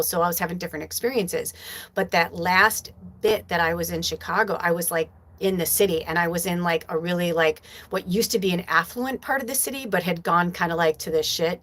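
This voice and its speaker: A woman in her forties hosting a live stream as a spiritual medium, talking to her viewers in a loose, chatty way. Her voice sits a bit low, and she swears freely and fills her sentences with "like" and "you know.". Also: fairly bright tone. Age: 40s. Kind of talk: casual storytelling to viewers.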